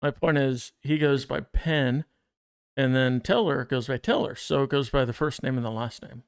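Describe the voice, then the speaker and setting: A man's voice: medium pitch, normal speed, clean tone. A man co-hosting a casual podcast, chatting off on tangents and reading scripture aloud. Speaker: podcast co-host. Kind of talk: casual chat and Bible reading.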